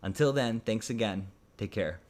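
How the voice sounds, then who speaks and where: A fairly low-voiced man giving a relaxed video English lesson. He thinks aloud as he goes and often pauses on um and uh. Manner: thoughtful, frequent um and uh fillers. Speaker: English teacher.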